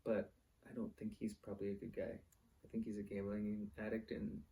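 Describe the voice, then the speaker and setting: A man hosts his own vlog, bluntly ranting, cursing often and wandering from point to point in a casual monologue. His voice is on the low side, monotone and creaky, warm in tone, at a moderate pace.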